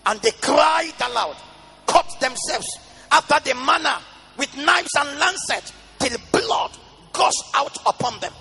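Male preacher, sermon, lively swooping pitch, shouted lines, reverberant hall. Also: measured pace, vocal fry. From Nigeria. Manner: booming, sing-song scripture reading with shouted declarations. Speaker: pastor. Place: large church hall. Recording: reverberant church hall with music behind.

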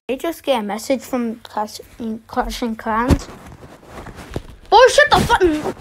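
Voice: high voice, big pitch swings, takes it slowly, a bit bright, a little hiss or hum. A reaction video host giving casual commentary, stammering and swearing in exasperation.

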